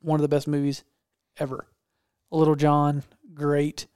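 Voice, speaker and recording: A man's voice: on the high side, monotone, measured pace, darkish tone, clear, resonant tone, no room sound, clean studio sound. A man hosting a casual chat, talking with enthusiasm and often restarting his sentences. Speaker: podcast host.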